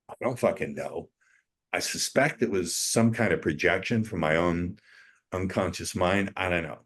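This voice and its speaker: A man's voice: low-pitched, normal speed. An older man, an interview guest, telling a story in a blunt, emphatic way and swearing freely. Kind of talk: casual storytelling.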